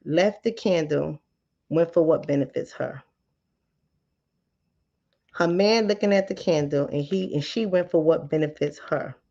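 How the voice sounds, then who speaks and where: A woman hosting her channel in a casual monologue, lively and joking, with slang and frequent laughter. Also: low-pitched, a little slow, long pauses. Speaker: channel host. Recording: slightly dull lo-fi audio.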